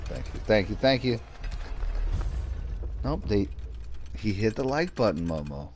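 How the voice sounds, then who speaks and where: Brief: male game streamer, deep-ish voice, animated and chatty, faint noise behind. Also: unhurried. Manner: chatty, greets viewers by name and talks to his pet. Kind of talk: casual livestream chat.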